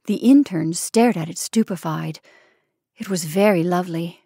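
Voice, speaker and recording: A woman reading a short story aloud in a measured, soft-spoken way. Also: lowish voice, creaky, no echo, studio quality. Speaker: narrator.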